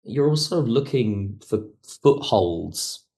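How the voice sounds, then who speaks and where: A man's voice: lowish voice, expressive, slow, vocal fry, warm tone. A man, a writer and producer of audio drama, talks through how a story came together, thinking aloud with hedges and restarts. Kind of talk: interview conversation.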